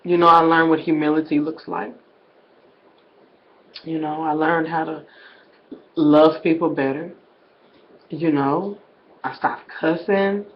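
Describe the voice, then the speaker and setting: A vlogger with a deep voice speaks slowly to her viewers, pausing often and calling them "y'all." Her casual delivery drops to near-whispers, then jumps to loud shouted exclamations. The audio is dull with a little hiss or hum.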